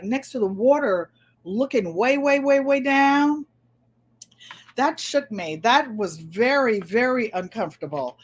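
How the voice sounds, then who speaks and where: An older woman with a New England accent, chatting casually through tag questions and telling stories with easy laughs and repeated words. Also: on the high side. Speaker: vlogger.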